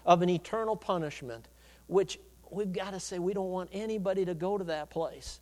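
High-voiced preacher man in a reverberant hall. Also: normal speed. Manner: swings from loud emphatic preaching to quiet asides. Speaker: pastor. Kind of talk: sermon. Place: church sanctuary.

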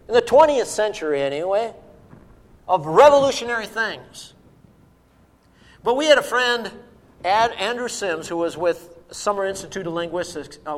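A middle-aged man preaching a sermon, emphatic at times and dropping to a hushed voice at others. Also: high-pitched, big-room sound. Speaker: pastor.

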